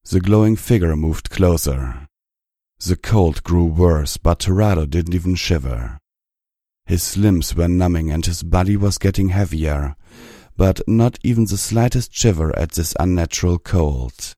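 A man reading fan fiction aloud in a measured, even storytelling manner. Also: deep voice, no echo, clean studio sound. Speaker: audiobook reader.

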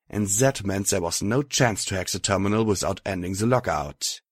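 A man narrating an audiobook in a steady first-person reading. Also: deep voice, a little fast, hardly any pauses, no echo, clean studio sound.

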